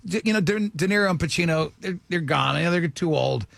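Older radio host guy, high gravelly voice, dry studio sound, gets excited telling stories. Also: quick pace, no echo. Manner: animated storyteller, excitable. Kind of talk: casual chat.

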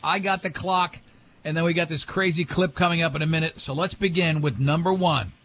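A man hosting a morning radio show, bantering and running a quiz with quick jokes and frequent laughs. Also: fairly high pitch, fairly even intonation, fairly bright tone, a little hiss or hum. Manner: joking, laughs often, quick asides. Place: radio studio.

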